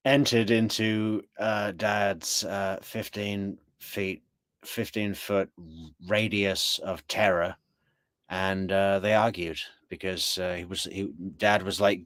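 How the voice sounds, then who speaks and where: A man's voice: low-pitched, flat delivery, takes it slowly, a bit bright, no room sound. A man giving casual true crime commentary with joking, sarcastic asides.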